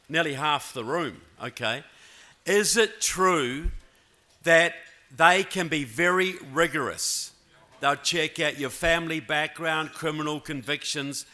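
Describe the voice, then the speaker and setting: A man in his fifties with a New Zealand accent delivers a keynote speech from a podium mic in a large hall. His voice is bright and forceful and sits a little high for a man. He speaks in a folksy way and keeps checking in with the crowd. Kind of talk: political convention speech. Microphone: handheld or podium mic.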